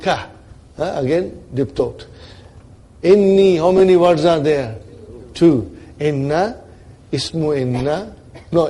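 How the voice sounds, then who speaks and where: A man teaching a grammar lesson in a somewhat high, mellow voice. He walks his students through each point with rhetorical questions and keeps checking that they are following him. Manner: checks in often with "are you with me" and "brother"; explains step by step with rhetorical questions. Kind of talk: classroom lecture.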